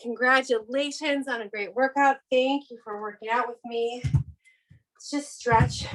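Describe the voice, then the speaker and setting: A woman's voice: on the high side, steady tone, unhurried, far from the mic, low-quality recording. Breathless woman coaching a workout. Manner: encouraging, upbeat cues. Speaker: fitness instructor.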